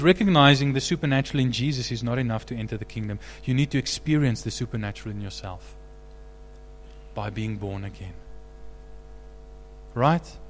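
A man preaching a sermon as pastor, animated, rising to loud emphatic peaks. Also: mid-range voice, big-room sound, slight background noise.

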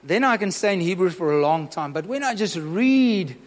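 A man's voice: high voice, lively intonation, moderate pace, long reverb tail. A man preaching a sermon, earnest and emphatic, asking the congregation questions.

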